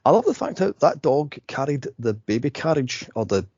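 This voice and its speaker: Male podcast host, gravelly and husky, lively rambling delivery, lo-fi dull sound. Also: medium pitch, moderate pace, dry recording. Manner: rambling, laughs often, acts out scenes. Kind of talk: casual movie podcast chat.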